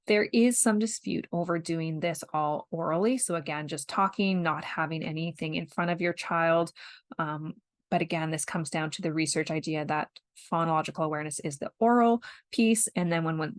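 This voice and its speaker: A woman's voice: low voice, moderate pace, no echo. Patient Canadian woman teaching reading skills. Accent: Canadian English. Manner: patient, explains step by step with spoken examples. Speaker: podcast host, parent educator. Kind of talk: instructional podcast talk.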